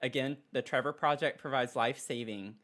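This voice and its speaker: A man streaming casually at his desk mic, excitable and giggly, cooing softly to his pet between thanks to viewers. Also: mid-range voice, brisk. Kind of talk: casual live-stream chat. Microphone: desk microphone.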